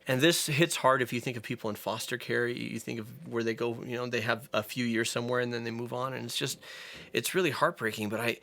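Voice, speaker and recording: A man's voice: mid-range voice, a bit bright. Earnest male therapist co-host. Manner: earnest, explanatory. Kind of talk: casual film commentary.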